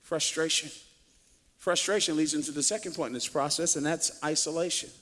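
A male preacher giving an emphatic, animated sermon, swinging between quiet and loud and often repeating words. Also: on the high side, brisk. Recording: long reverb of a large hall.

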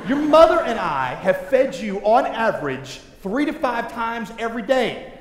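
Animated pastor guy in his 30s, high voice, roomy echoey hall. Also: measured pace. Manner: animated, humorous storytelling with acted-out voices. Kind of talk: sermon. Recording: echoey hall with long reverb.

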